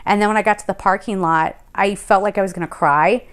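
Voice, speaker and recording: A young adult woman vlogging, telling a rambling personal story in a chatty, animated way and laughing now and then. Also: mid-range voice, a little fast, clear, resonant tone. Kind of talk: casual storytelling. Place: Colorado Springs.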